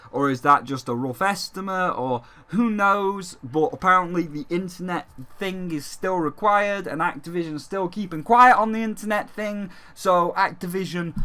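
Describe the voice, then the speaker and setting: A man's voice: on the high side, sharp tone. A man hosting a gaming vlog, rambling and joking, swearing freely and talking as a dragon persona. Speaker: gaming channel host. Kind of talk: casual gaming vlog commentary.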